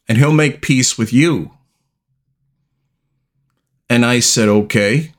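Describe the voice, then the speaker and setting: A middle-aged man hosting a podcast, telling a personal story in a slow, deliberate way with long pauses. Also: mid-range voice. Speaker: podcast host.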